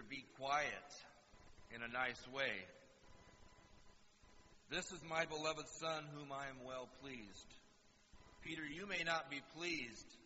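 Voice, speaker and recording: A man preaching a sermon and explaining scripture, acting out quoted lines with animated asides. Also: mid-range voice, a little hiss or hum. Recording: dull lo-fi sound in a reverberant hall.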